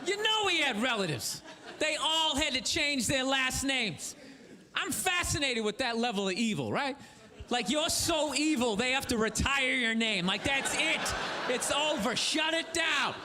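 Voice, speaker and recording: High-voiced ranting male comedian. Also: expressive, a little slow. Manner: ranting, sarcastic, loud bursts. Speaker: stand-up comedian. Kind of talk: stand-up comedy set. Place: comedy stage before a live audience. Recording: live club recording with audience laughter and noise.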